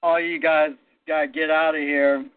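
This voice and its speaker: A man telling a story casually, with animated anecdotal delivery. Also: fairly high pitch, moderate pace. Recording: tinny phone-line audio.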